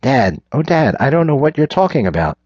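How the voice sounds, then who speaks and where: A man voicing a frantic adult daughter who pleads with her angry father, his voice pushed higher. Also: very animated, a little fast, slightly rough, no room sound, heavily acted. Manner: pleading, rising to a higher pitch. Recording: dull lo-fi recording.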